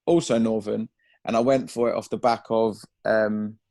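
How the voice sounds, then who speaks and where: A man's voice: fairly low pitch, steady tone, normal speed, mellow. Dry-humoured man in casual chat. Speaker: podcast co-host.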